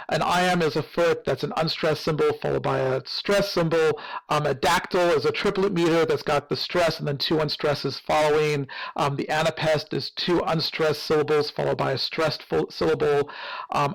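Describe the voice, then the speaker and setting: A man with a fairly high voice gives a lesson to his students. He talks in a loose, hesitant way, with plenty of fillers and small restarts as he explains. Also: poor audio. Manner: hesitant, many fillers and hedges. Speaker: teacher. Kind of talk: recorded lecture.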